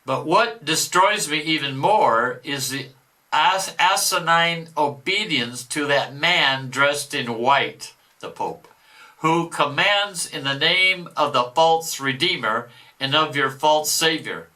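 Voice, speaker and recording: A boastful, spiteful devil sneers and gloats in a read-aloud rant, as a man lends him his voice. The tone is fairly high for a man and piercingly bright, with a tense, forceful edge. Each line comes out declaimed and scornful rather than fully acted. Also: animated, slow, heavily acted, poor audio. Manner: declaimed reading with mocking outbursts. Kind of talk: dramatic reading aloud.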